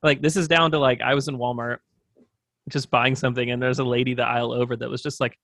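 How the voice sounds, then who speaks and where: A man's voice: medium pitch, little pitch movement, fast, a bit bright, dry recording. A man guesting on an interview show, talking through business plans in a thoughtful, rambling way with lots of fillers. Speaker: agency owner, podcast guest. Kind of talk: casual interview talk.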